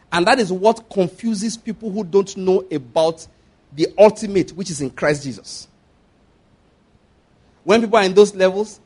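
A high-pitched man delivers a sermon. He presses his points hard and repeats them, and he often stops to ask whether the congregation is following him. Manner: emphatic, repeats points and checks the audience follows. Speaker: preacher.

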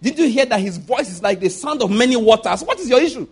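Preacher guy, pretty high voice, animated, laughs a lot, does little voices. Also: fast, slightly rough. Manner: lively, laughing often, acts out quoted voices. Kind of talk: sermon.

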